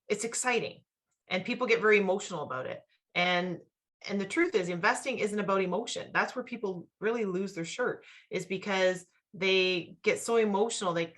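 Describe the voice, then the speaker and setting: A woman hosting a talk show in an animated way, who acts out the voices she quotes. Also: medium pitch. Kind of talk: casual talk-show chat.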